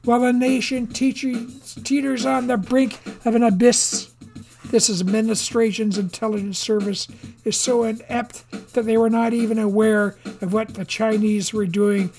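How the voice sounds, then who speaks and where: Reader putting on a loud showy texas senator guy, sonorous twang, grandstanding like at a podium. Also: level tone, measured pace, soft background music, natural voice. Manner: raised pitch, grandstanding speechmaking. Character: boastful male Texan senator, showy and self-satisfied.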